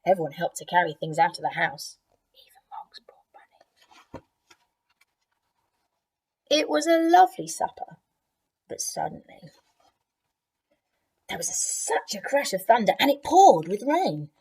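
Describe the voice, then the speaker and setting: Woman, teacher, storybook read-aloud, gentle, lively pitch, low mellow voice. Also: moderate pace, long pauses, husky. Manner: expressive, gentle, chatty asides to children. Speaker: primary school teacher reading aloud. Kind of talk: children's storybook reading.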